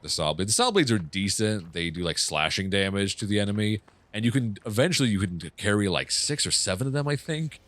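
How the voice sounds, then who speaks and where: A man casually commenting on his own game playthrough, swearing often and reacting loudly to what happens on screen. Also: fairly low pitch, expressive, brisk. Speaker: gaming channel host. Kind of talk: casual let's play commentary.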